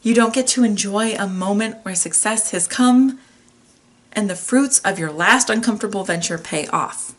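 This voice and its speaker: A woman's voice: mid-range voice, moderate pace. A woman hosting her own podcast, giving a candid, chatty motivational talk that is playful and laced with mild swearing. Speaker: podcast host. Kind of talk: casual motivational monologue.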